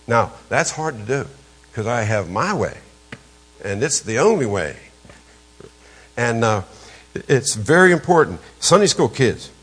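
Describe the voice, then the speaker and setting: An older man, preaching a storytelling sermon as a pastor, emphatic and jumping suddenly in pitch and volume. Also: slightly rough.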